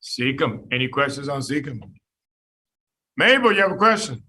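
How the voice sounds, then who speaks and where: A man lecturing a class on medicine, animated and jokey, quizzing students by name. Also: mid-range voice, moderate pace, a little hiss or hum. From United States.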